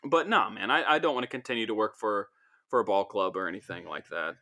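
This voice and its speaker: A man in his twenties hosting a casual podcast chat, telling rambling stories with animated asides. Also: lowish voice, quick pace. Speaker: podcast host.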